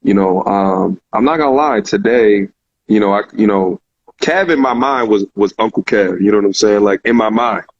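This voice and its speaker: A man's voice: fairly low pitch, big pitch swings, normal speed, gravelly, dull audio, a little hiss or hum. A man hosting a live call-in talk show, speaking casually and heartfelt, repeating phrases with many fillers. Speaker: show host.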